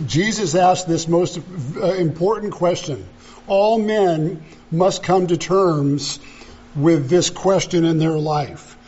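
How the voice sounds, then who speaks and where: A male pastor delivers a sermon at an unhurried, deliberate pace, driving home each point with emphatic repetition. His voice sits a bit higher than most men's. The recording is dull and lo-fi. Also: darkish tone, breathy edge.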